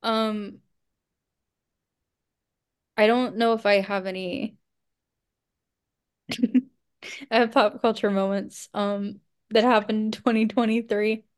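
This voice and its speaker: A woman's voice: medium pitch, fairly even intonation, slow pace, pauses often, clean tone. A woman co-hosting a podcast, telling rambling, self-deprecating stories in casual chat and laughing often. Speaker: podcast co-host.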